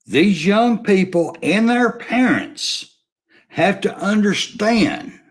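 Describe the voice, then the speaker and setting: Man, sports vlogger, slow delivery, lively swooping pitch, blunt and profane. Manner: animated, blunt, swears, rambling rant. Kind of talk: casual opinion rant.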